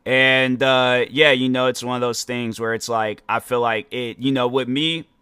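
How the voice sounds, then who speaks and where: Flat in delivery yet bright and forceful in tone, this young man's mid-range voice moves at a moderate pace, clear and resonant with no room sound. Sounding tired, he rambles through a casual solo episode of his podcast, often tripping over words.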